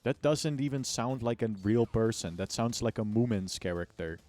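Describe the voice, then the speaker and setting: A man's voice: mid-range voice, animated, normal speed, darkish tone, soft background music. A man streaming a video game, joking with chat, swearing and laughing often. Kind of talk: casual gaming stream chat.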